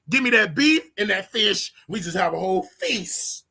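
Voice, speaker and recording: A flamboyant man rants casually on a livestream. His voice is bright and gravelly, with some husky breath in it. His pitch swings widely and he breaks into sing-song yelps. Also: animated, measured pace. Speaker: online preacher commentator.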